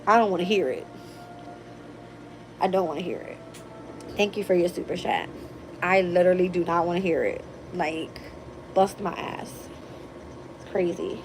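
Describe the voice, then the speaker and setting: A woman hosting a casual tarot livestream late at night, talking bluntly and profanely in an animated storytelling way. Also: fairly low pitch, noisy background. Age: adult with a daughter. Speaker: tarot reader and channel host.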